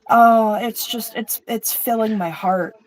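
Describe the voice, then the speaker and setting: A woman's voice: on the high side, slow pace, rough recording. A woman co-hosting an art stream over a video call, chatting casually and emotionally as she paints, swearing now and then. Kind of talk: casual chat while painting.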